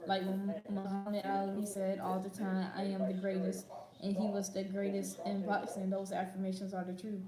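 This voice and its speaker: Woman reading comments, quiet and low-key, loud crowd noise, echoey room. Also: monotone, normal speed. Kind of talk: reading viewer comments aloud.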